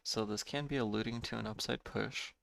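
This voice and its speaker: A man giving live day-trading commentary, measured and thinking aloud, correcting himself now and then, a bit tired. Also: on the low side, fairly even intonation, gravelly, a bit bright.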